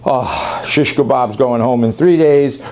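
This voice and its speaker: A man's voice: mid-range voice, a little slow, a little mellow. A man working as a dog trainer, giving a rambling, chatty on-camera demonstration that often corrects itself mid-sentence.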